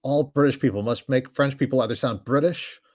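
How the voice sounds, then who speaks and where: A man's voice: mid-range voice, brisk, a little mellow, voice pushed up, close to an everyday voice. A man putting on the voice of a smug, stuffy Englishman in a mocking way.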